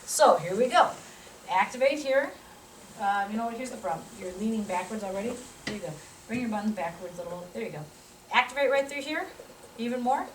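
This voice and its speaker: A woman's voice: fairly high pitch, expressive, fairly quick, a little hiss or hum. Woman coaching from a distant roomy mic. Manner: coaching a volunteer through an exercise, cueing and encouraging. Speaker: physical therapy instructor. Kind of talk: live teaching demonstration.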